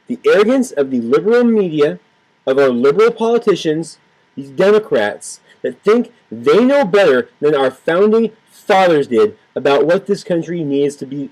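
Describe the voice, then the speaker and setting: A political vlogger with a medium-pitched, darkish voice rants to camera with heated, sarcastic commentary, repeating himself and swearing freely. The audio quality is poor.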